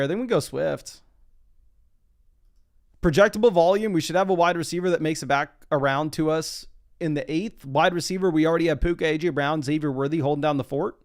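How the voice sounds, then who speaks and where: A young man talks through a live stream from his desk in a loose, chatty way, reading viewer comments aloud as he goes. His voice sits a little high and carries a steady gravelly fry. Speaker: fantasy football live streamer. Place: home desk.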